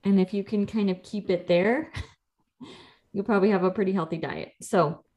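A woman's voice: mid-range voice, normal speed, a little mellow. A woman in her thirties, a nutrition coach co-hosting a podcast, explaining things in a chatty, easygoing way and laughing easily. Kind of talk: casual podcast chat.

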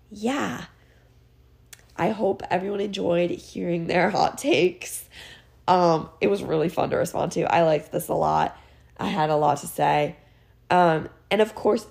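A woman's voice: lowish voice, vocal fry, a little mellow. A teenage girl hosting her own podcast, chatting casually in a rambling, self-mocking way with lots of fillers. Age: teens. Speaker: podcast host. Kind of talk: casual solo podcast chat.

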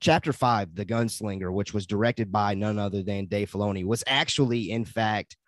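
A man's voice: lowish voice, no echo. Guy hosting a podcast, chatty and upbeat, dry close mic sound. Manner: upbeat, laughs often, quick transitions. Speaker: podcast host. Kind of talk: casual podcast chat.

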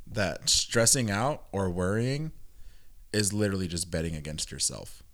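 Joking man with a lively voice. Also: low voice, moderate pace, slight background noise. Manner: joking, teasing. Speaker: podcast guest. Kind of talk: casual podcast banter.

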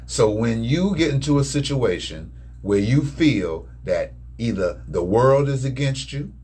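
A man talking casually and colloquially in a couple's conversation, gently teasing. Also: medium pitch, lively intonation, unhurried, breathy edge.

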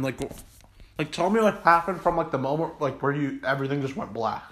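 A man's voice: on the high side, lively intonation, brisk, bright, forceful tone. Young man rambling in a roomy room. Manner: rambling, many fillers and restarts. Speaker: podcast host. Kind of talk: casual chat. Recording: roomy, distant mic with background noise.

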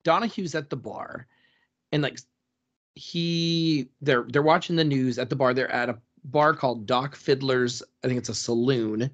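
A man's voice: medium pitch, unhurried, a bit bright, dull audio. A man co-hosting a casual history podcast, retelling a story loosely, with lots of "like" and "um". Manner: rambling storyteller, constant "like" and "um" fillers. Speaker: podcast co-host.

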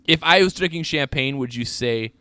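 A man's voice: medium pitch, moderate pace, sharp tone, clean tone, no echo. A man co-hosting a podcast in casual chat, playful and laughing often as he argues odd tangents. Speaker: podcast co-host.

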